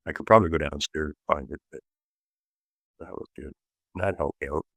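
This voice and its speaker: A middle-aged man guests on a podcast as a martial arts instructor. He has a low, deep voice and tells animated, blunt, joking stories. The sound is dry and close. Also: a little fast, creaky, breathy edge, no room sound. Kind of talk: casual interview chat.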